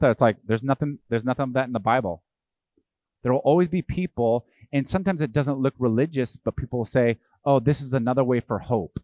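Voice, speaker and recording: A middle-aged man preaching a sermon in a conversational, animated way, often acting out quoted voices. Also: medium pitch, no room sound. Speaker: pastor.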